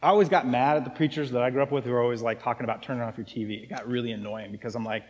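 A man's voice: mid-range voice, fairly even intonation, rapid-fire, hardly any pauses, big-room sound, muffled recording. A man preaching a casual, joking sermon as pastor of a church. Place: church sanctuary.

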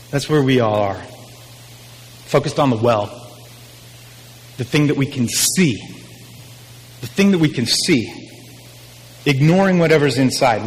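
A man's voice: mid-range voice, big-room sound, rough recording. A man preaching a sermon in a casual, emphatic style, repeating his key phrases.

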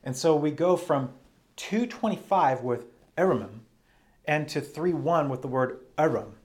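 A man's voice: fairly high pitch, lively intonation, unhurried, darkish tone. Man teaching a scripture sermon. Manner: explanatory, reads passages aloud then unpacks them. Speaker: preacher.

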